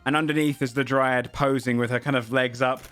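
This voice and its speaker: A man's voice: medium pitch, fairly even intonation, fairly quick, over music. A man narrating as game master of a tabletop game, describing scenes in a loose, hesitant way full of fillers.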